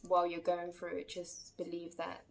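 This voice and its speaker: A woman's voice: on the low side, completely flat delivery, moderate pace, creaky. A woman telling a personal story in a casual, chatty vlog, full of fillers and acted-out quotes. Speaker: vlogger.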